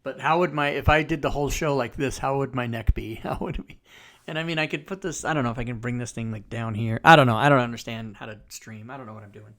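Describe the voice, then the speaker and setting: A man's voice: mid-range voice, fast, fairly bright tone. A man running a tabletop game from home, loose and self-mocking, swearing often and drifting back from his desk mic. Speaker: dungeon master and streamer. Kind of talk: casual tabletop game chat. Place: home streaming setup. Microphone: desk microphone, often leaned away from.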